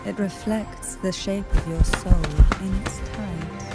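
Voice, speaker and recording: A calm, enigmatic game heroine. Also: female voice, mid-range voice, slow pace, loud music behind the voice.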